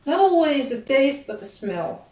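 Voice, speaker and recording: A woman's voice: sits high, big pitch swings, a little slow, a little mellow, slight background noise. A young woman chatting casually as she bakes at home, rambling with self-deprecating asides and sounding slightly out of breath. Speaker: cooking vlogger. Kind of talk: casual chat while baking. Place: home kitchen. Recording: echoey kitchen, distant mic, clattering dishes.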